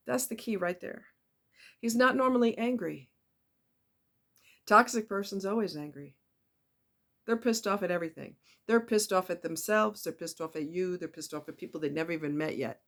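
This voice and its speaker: Woman, casual monologue, emphatic, repeats words, animated delivery. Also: on the low side, moderate pace. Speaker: relationship commentator.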